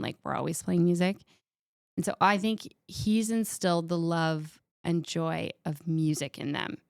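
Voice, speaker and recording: A middle-aged woman chatting as a podcast guest, telling a joke in an animated way and acting out the quotes. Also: on the low side, smooth, no room sound, clean studio sound. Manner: animated storyteller, acts out quotes. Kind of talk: casual chat, telling a joke.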